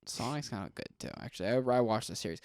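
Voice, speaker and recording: A man's voice: mid-range voice, lively intonation, fast talker, a little mellow, no room sound, clean studio sound. A young man co-hosting a podcast, bantering casually, swearing freely and laughing often. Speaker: podcast co-host.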